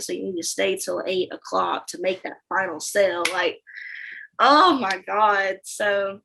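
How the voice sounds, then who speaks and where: A woman's voice: medium pitch, vocal fry, rough recording. A young woman interviewee, a former sales account manager, telling her story candidly and acting out the dialogue. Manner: animated storytelling that acts out quoted dialogue.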